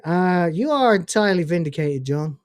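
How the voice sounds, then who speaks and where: A man's voice: sits high, expressive, normal speed, clean tone, dry recording. Dry-voiced man ranting on a stream. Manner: ranting, profane, incredulous. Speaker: livestream host. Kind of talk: casual livestream chat reading donations.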